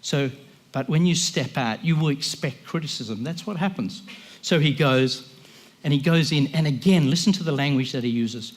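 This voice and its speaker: A man's voice: a little high, moderate pace. A man giving an impassioned, emphatic sermon as a guest speaker, often voicing the people he quotes.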